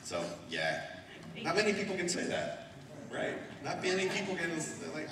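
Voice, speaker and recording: A man speaking as a guest on a convention panel, animated and laughing often as he answers fan questions. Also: high-pitched, measured pace, long pauses. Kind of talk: live Q&A panel. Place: large convention hall. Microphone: far recording from the audience. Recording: echoey hall recorded from far off, crowd.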